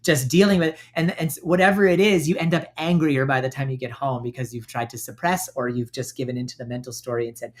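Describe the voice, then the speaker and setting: A man hosts a self-help podcast in a gentle coaching tone. He speaks at an ordinary middle pitch and now and then acts out the voices in your head. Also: fairly even intonation, fast talker, few pauses. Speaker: podcast host.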